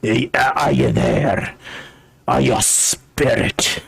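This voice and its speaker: A man's voice: medium pitch, takes it slowly, gravelly, fairly bright tone, slightly rough, full character voice. A man voicing a mad, blind old dwarf warrior who speaks in archaic, theatrical phrases. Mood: defiant.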